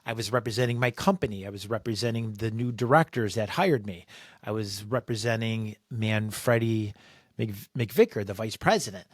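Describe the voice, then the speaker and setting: A man sharing a workplace story as a podcast guest, animated and acting out quoted voices. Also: on the low side, normal speed, no room sound, studio quality. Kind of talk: personal storytelling.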